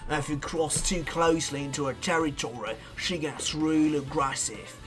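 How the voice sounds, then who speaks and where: A man's voice: a little high, fairly even intonation, normal speed, music in the background, pitched below the performer's own voice, close to an everyday voice. A man putting on a hearty Australian outback bloke. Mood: jovial. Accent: put-on Australian. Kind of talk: playful character voice during game commentary.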